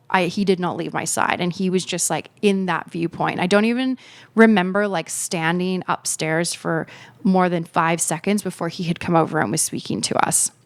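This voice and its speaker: Young female podcast host, lowish voice, casual rambling storyteller, dry recording. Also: no echo. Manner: reflective, chatty, many fillers.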